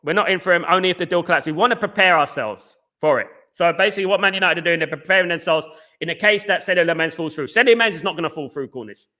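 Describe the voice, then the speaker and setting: A man hosts a casual live fan stream, firing off words at a rapid clip. His voice sits high and bright. He keeps chatting to viewers and reading out their comments. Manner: very fast-talking, reads out viewer comments.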